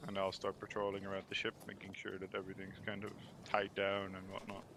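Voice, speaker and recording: A man playing a tabletop game over voice chat, calmly explaining what his character does. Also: low-pitched, fast, noisy background. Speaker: player. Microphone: computer mic on voice chat.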